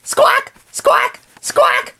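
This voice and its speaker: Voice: very slow, bright, forceful tone. A performer voicing an annoying male parrot who squawks shrilly in an amateur toy drama. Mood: shrill.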